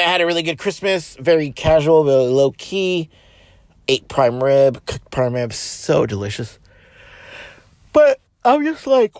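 A man's voice: on the high side, no echo. A man hosting a casual solo podcast, talking bluntly and swearing a lot while he drives. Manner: blunt, profane and ranting. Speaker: podcast host. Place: in a car while driving. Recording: road noise from a moving car. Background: car and street noise.

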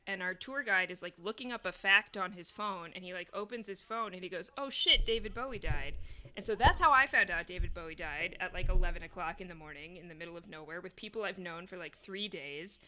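A young woman on a podcast, telling a personal anecdote in relaxed casual chat. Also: fairly low pitch, a little fast, hardly any pauses.

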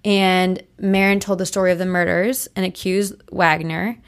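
A woman's voice: lowish voice, flat delivery, moderate pace. A young woman co-hosting a podcast, telling a story in casual chat, full of likes and restarts. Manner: chatty, many likes and restarts. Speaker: podcast co-host.

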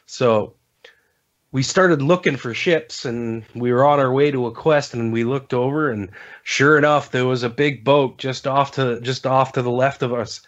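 A man guesting on a podcast who rambles through his gaming stories in loose, casual talk, full of ums and restarts. His voice sits at an ordinary middle pitch. The recording sounds dull and lo-fi. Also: normal speed, fairly bright tone. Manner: rambling storyteller, many fillers and restarts.

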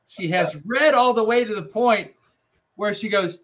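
In a relaxed chat, an ex-TV news producer recounts humorous stories from his time making newscasts. He speaks at a moderate pace in a high-pitched voice, animated and laughing throughout.

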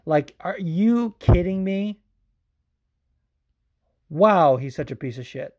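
Man, podcast host, casual rambling chat, profane, animated, slightly high voice. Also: slow, muffled recording.

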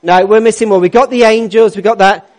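A man's voice: sits high, fairly even intonation, a little fast. A man leading a church congregation, upbeat and jokey as he coaxes people into place. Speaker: church service leader.

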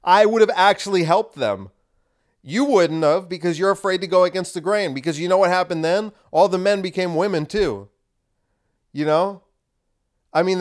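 A young man ranting alone on his podcast, his voice a little higher than most men's. He sounds combative and heated, lurching between loud outbursts and low, muttered asides. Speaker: podcast host. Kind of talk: ranting monologue.

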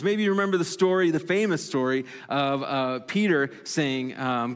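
A male pastor delivering a sermon in a conversational, animated way, with self-deprecating asides. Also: a little high, a little slow, hardly any pauses. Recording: long reverb of a large hall.

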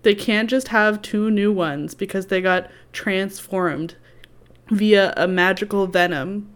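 A woman co-hosting a casual podcast, talking at a middle pitch. She rants freely, swears, and drops into quick character voices as she retells scenes. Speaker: podcast co-host. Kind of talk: casual chat, book recap.

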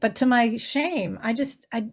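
Speaking unhurriedly in a fairly high voice, this grief recovery minister is a middle-aged woman being interviewed on a conversational podcast. She tells her stories earnestly and performs the quoted voices.

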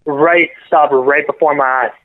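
A man guest on a podcast telling a painful personal story in a halting, earnest way, often correcting himself. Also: fairly high pitch, fairly even intonation. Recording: phone-line audio.

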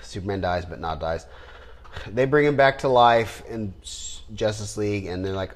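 Low-voiced guy rambling on a podcast, gets loud and laughy. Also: moderate pace. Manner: animated, rambling, bursts of laughter. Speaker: podcast co-host. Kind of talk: casual chat.

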